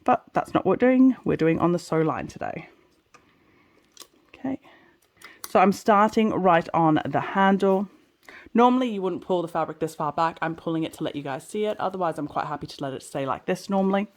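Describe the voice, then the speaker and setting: A woman talking through a sewing tutorial step by step, chatty and relaxed, often checking in with viewers as she works. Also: lowish voice, moderate pace. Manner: chatty, explains as she works, frequent "okay" and "so". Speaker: sewing instructor. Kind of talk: casual step-by-step craft tutorial.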